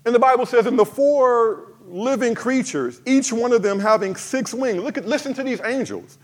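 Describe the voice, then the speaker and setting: A man preaching a sermon to his congregation, swinging from fervent cries to soft, emphatic lines and addressing the church directly. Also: extremely high pitch, normal speed. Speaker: pastor.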